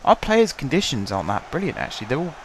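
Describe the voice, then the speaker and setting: A young man with a hoarse voice, chatting casually and calling the action play by play as he commentates his own football management game at home. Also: fairly high pitch, very animated, fast talker, slight background noise. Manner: chatty, wry, calls the match play by play. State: hoarse from shouting. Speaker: gaming channel host.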